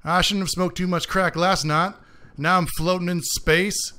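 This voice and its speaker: A man's voice: high voice, steady tone, measured pace, pushed and bright, smooth. A man voicing a crude, drawling heroine of a fantasy game, in a put-on American Southern accent, mocking the game's intro.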